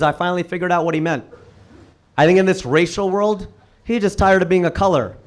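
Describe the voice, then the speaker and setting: A man performing a stand-up comedy set, with animated punchline delivery and acted-out quoted voices. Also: sits high, fairly quick, pauses often. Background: audience laughter.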